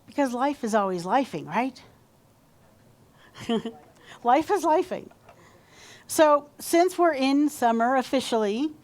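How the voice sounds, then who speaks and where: Woman pastor, slow and chatty sermon delivery in a church, voice a touch high. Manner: warm conversational preaching, leads call-and-response. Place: church sanctuary.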